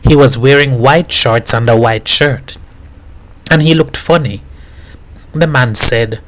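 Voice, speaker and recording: A man from Jamaica reading a novel aloud in a steady storytelling voice. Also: mid-range voice, slow, rough recording. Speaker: reader.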